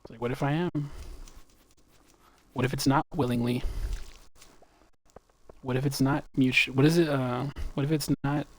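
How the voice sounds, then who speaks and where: A man's voice: medium pitch, fairly even intonation, normal speed, pauses often. Profane joking man chatting on stream. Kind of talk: casual chat while gaming.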